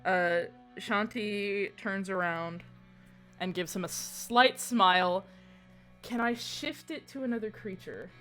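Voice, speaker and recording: Woman tabletop player, casual and chatty, mid-pitch, faint music behind. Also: takes it slowly. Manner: casual, chatty, voicing her character's quiet lines. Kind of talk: playing a tabletop game online.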